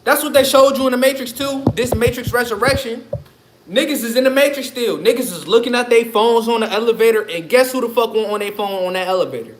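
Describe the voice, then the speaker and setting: High-voiced man ranting profanely on a livestream. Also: fast talker. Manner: profane, rambling, laughs often. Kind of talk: casual livestream rant. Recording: echoey room.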